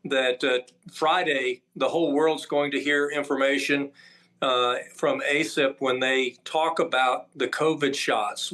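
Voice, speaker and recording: A man with a medium-pitched voice, pushed and bright, speaks as a doctor appearing as an interview guest. He is emphatic, lists his points one after another and uses frequent "uh" fillers.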